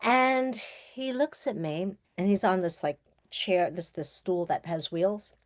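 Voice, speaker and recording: A woman in her sixties from Long Island tells her own story as a webinar guest, lively and quick to laugh. She acts out the voices of people in the story. Her pitch sits in an ordinary middle range, and the sound is dry with little room echo. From Long Island, New York. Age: 60s. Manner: lively, acts out quoted dialogue, laughs often. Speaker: guest speaker, filmmaker. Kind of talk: personal storytelling in an interview. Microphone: webinar call microphone.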